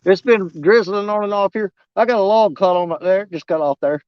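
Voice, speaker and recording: An outdoors channel host rambles folksily about fishing over a video call from a riverbank at dusk. His voice is high and smooth, a touch fast, with no echo, and the call audio comes through muffled and dry.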